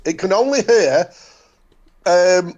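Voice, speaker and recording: A man with a broad Yorkshire accent, speaking high for a man. He talks in a blunt, insistent way, repeating short declarations for emphasis in a casual chat. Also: animated, slow, darkish tone.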